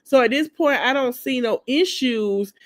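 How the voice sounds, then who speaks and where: A woman's voice: high-pitched, unhurried. Woman podcast host, casual gossipy recapper, slangy, talks right to her audience. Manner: chatty gossipy storytelling, slangy, addresses listeners as y'all; acts out the people she quotes.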